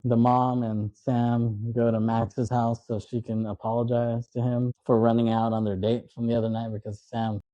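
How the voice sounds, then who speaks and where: A man with a very dark, mellow voice chats casually on a podcast, retelling a movie's plot in a loose, rambling way. He dips into brief put-on voices for the characters. The sound is dry and a little dull, like lo-fi podcast audio. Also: mid-range voice, flat delivery, moderate pace, hardly any pauses, dry recording. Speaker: podcast co-host. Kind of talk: casual film recap chat.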